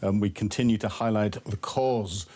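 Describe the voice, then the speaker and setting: A man's voice: fairly low pitch, steady tone, normal speed, dark tone. Northern Irish man, radio guest. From Northern Ireland. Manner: agreeable, with hesitant fillers. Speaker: studio guest, former military intelligence officer. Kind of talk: radio panel discussion.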